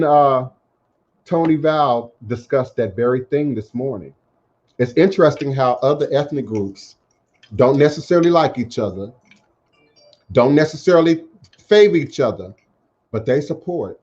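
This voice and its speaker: A man hosting a call-in talk radio show, speaking in measured, emphatic, repeated phrases. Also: mid-range voice, a little mellow. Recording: dull lo-fi internet radio audio.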